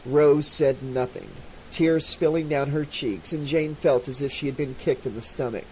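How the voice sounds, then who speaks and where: A man's voice: moderate pace, a little hiss or hum, low-quality recording. A man reading an unabridged novel aloud and voicing the characters as he goes. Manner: reads female characters in a raised pitch. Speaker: audiobook narrator.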